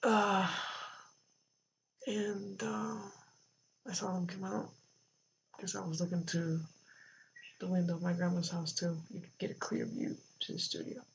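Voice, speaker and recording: A vlogger telling a personal story in a halting way, full of fillers and restarts, recorded near a road with cars going by. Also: medium pitch, level tone, gravelly. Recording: dull lo-fi with faint traffic noise.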